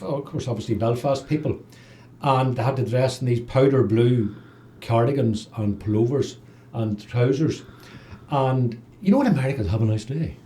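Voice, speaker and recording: A Northern Irish man hosts a relaxed local radio conversation, chatty and quick to laugh. His voice sits in a mellow, middle register. A faint hiss runs beneath it. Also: mid-range voice. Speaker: radio host. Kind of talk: casual chat.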